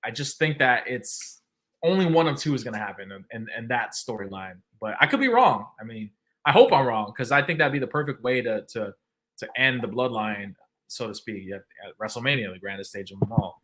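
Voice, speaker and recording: A man hosting a livestream in a loose, casual way, full of "um"s and restarts. His voice has a bright, forward edge, sitting at an average pitch. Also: expressive, brisk. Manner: laid-back, lots of fillers and restarts. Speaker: livestream host. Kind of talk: casual chat.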